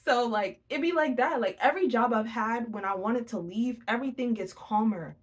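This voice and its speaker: Young female tarot reader, raised pitch, casual and profane, tells stories with energy. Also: normal speed, few pauses. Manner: blunt, profane, animated storytelling.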